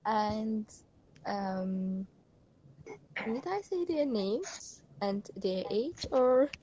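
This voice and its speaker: A woman's voice: lively intonation, dark tone. Hesitant woman on muffled call audio. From Azerbaijan. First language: Azerbaijani. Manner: slow, hesitant, many pauses and fillers. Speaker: student. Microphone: video call. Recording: dull lo-fi call audio with faint rumble.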